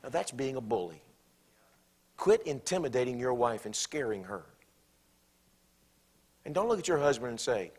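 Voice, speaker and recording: A man preaching a sermon in a church, animated and bursting into acted-out quotes. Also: mid-range voice, moderate pace, pauses often, husky.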